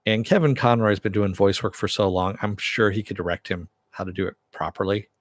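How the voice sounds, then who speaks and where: A man with a low voice hosts a casual live stream, reading viewer comments and riffing on them. He rambles and laughs at himself often. The sound is dry and close. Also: brisk, no echo. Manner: rambling, self-deprecating, chuckles often.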